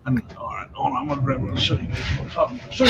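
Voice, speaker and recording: A man's voice: mid-range voice, very animated, racing, very noisy. Chatty man, dull lo-fi sound. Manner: storytelling, laughs mid-sentence. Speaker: reseller and livestream co-host. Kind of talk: casual chat.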